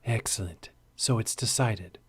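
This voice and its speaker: A man voicing a gruff, distrustful older male warrior who grumbles low and curt. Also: measured pace. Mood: smug.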